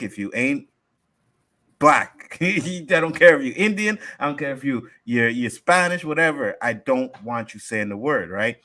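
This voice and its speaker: Bright-voiced middle-aged man on a panel. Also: mid-range voice. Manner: lively, profane storytelling. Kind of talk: casual panel discussion.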